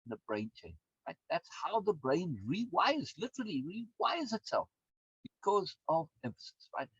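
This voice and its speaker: A man's voice: high-pitched, sing-song, normal speed, fairly bright tone, breathy edge, no room sound. A man, a course instructor and coach, giving a recorded lecture in an emphatic way, repeating words and often adding tag questions. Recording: dull, dry lo-fi sound.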